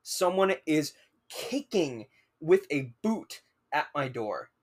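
Animated young man swearing through a story. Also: a little high, slow, breathy edge. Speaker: podcast co-host. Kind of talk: casual storytelling.

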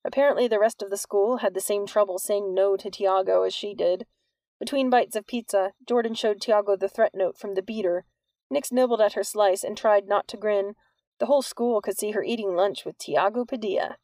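A woman reading a novel aloud as a narrator in a steady storytelling manner. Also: mid-range voice, a little fast, no room sound. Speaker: audiobook narrator. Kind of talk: scripted narration.

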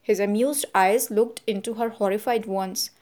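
Measured woman audiobook narrator. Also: mid-range voice, steady tone, darkish tone. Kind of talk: scripted narration.

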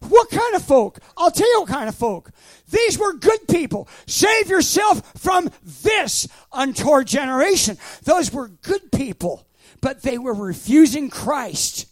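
A man in his sixties preaches with fervor, his voice unusually high. He breaks into loud shouted bursts between stretches of storytelling. The sound is dry and close, with no room around it. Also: sing-song, measured pace, no room sound. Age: 60s. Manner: shouting, fervent, with sudden loud bursts and laughs. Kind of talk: sermon.

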